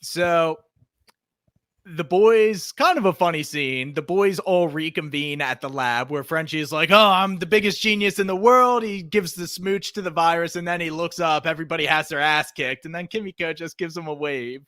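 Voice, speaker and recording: Bright-voiced man recapping casually. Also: on the high side, normal speed, no room sound, studio quality. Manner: animated, joking recapper. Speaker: podcast co-host.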